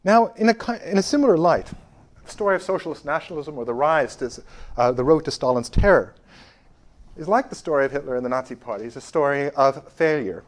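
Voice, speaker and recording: A man giving a university history lecture, stressing key phrases loudly and dropping to quiet asides, with frequent fillers and restarts. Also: a little high, fairly quick.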